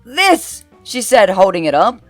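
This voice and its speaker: A woman hosts and narrates, reading funny posts aloud and reacting with exaggerated, sarcastic asides. Her voice sits a little low and swings widely in pitch. Soft background music runs quietly underneath. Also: very animated, normal speed, dry recording. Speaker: host and narrator.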